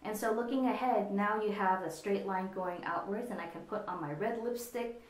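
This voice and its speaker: A woman walks through a casual makeup tutorial, explaining each step as she works on herself. She speaks into a computer camera at her desk, and her voice carries a noticeable room echo. Her pitch sits in an ordinary middle range. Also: normal speed. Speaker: makeup vlogger. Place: indoors at a desk with a monitor. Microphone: computer camera in front of her. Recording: echoey room.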